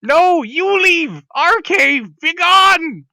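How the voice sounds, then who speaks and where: A man voicing a small hostile kobold that shouts and screeches in a high voice. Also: lively intonation, very slow, no room sound, heavily acted. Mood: angry. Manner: shrill, shouting, defiant. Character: screaming panicky kobold pair, small and hostile.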